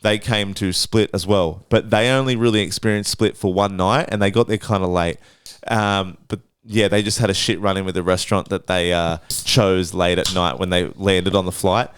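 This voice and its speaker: A man, a podcast co-host telling travel stories in casual chat, animated and full of swearing. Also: deep voice, normal speed, clean tone, no room sound, clean studio sound. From Australia. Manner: animated, swears a lot, acts out voices in anecdotes.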